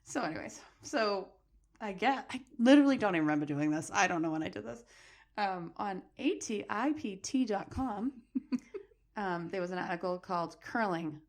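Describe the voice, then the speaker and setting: Excitable, lively-voiced woman co-host. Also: medium pitch, moderate pace. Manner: excitable, laughs often, reads facts aloud. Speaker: podcast co-host. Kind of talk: casual chat.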